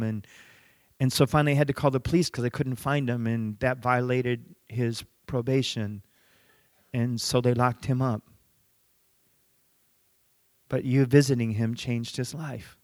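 Middle-aged male pastor, mid-pitched, conversational sermon storyteller, dry close mic. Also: dry recording. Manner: conversational, drops soft for emphasis.

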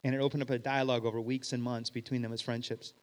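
Middle-aged man, pastor preaching in a church hall, lively storyteller who acts out the voices, slight hall reverb. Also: mid-range voice, fast talker. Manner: animated storyteller, acts out dialogue, swings loud and hushed. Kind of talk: sermon with storytelling.

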